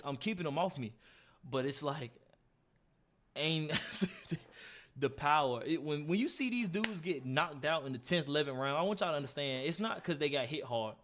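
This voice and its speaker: A young man tells a story in an animated way. He laughs often and acts out punches with sound effects. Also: fairly high pitch. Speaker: streamer.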